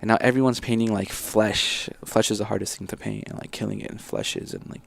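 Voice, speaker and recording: A man's voice: on the low side, steady tone, fairly quick, gravelly. A man telling his story casually as an interview guest, rambling and acting out what his teachers said. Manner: rambling, acts out teachers' lines.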